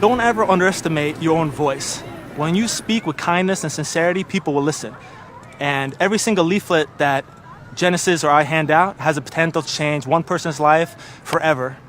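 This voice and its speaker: A man's voice: on the high side, a little fast, fairly bright tone, soft background music. A man, a street activist, talking sincerely and motivationally in an interview.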